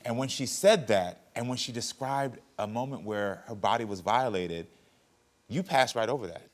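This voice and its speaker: A man hosting a daytime talk show, calmly asking probing questions to mediate a family conflict. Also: medium pitch, moderate pace.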